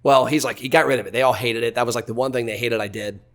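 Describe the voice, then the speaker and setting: A man's voice: mid-range voice, steady tone, racing, fairly bright tone. A man in his forties, a podcast guest, telling stories from his business life in a blunt, candid way, with casual swearing. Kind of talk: casual storytelling.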